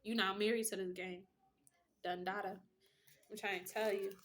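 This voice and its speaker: A woman's voice: medium pitch, little pitch movement, moderate pace, very noisy. A woman giving a casual tarot reading with a blunt, profane pep-talk manner. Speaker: tarot reader.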